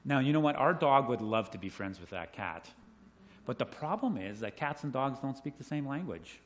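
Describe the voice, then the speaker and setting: A middle-aged man telling children a story, animated, asking them questions and laughing along with them. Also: medium pitch, moderate pace, a little hiss or hum. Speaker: children's talk leader. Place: indoors with a group of children.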